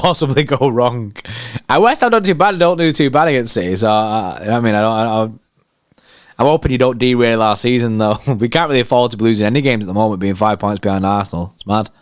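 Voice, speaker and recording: Excitable lad, smooth voice. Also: male voice, mid-range voice, fast talker, dry recording, clean studio sound. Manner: excitable, slangy, banter with chat. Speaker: fan channel host. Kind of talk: live match watchalong commentary.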